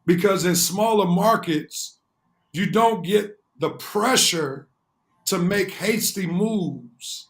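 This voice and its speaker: A man's voice: high-pitched, slow pace, a bit bright. A man co-hosting a sports talk show, explaining his points at length and in earnest. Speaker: co-host.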